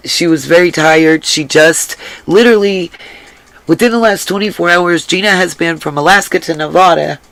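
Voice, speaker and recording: Gravelly, emphatic woman livestream host. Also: on the low side, moderate pace, fairly bright tone, rough recording. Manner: earnest and emphatic, repeats phrases. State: drained, voice rough from crying. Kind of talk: casual livestream talk, reading the chat.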